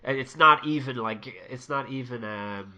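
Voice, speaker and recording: A man's voice: mid-range voice, normal speed. A young man ranting and swearing his way through casual podcast chat. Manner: swears a lot, ranting and animated. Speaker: podcast co-host.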